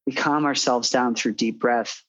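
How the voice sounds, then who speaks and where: A middle-aged man speaking calmly and earnestly as a podcast guest, sometimes acting out soothing self-talk. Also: medium pitch, moderate pace, dry recording, highs cut off. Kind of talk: interview conversation.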